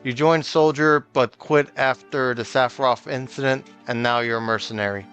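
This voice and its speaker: A man's voice: medium pitch, steady tone, normal speed, fairly bright tone, lo-fi sound, soft background music, close to an everyday voice. A man reading aloud the lines of an earnest young woman from a video game, in his own plain voice. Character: earnest young woman confessing her worries.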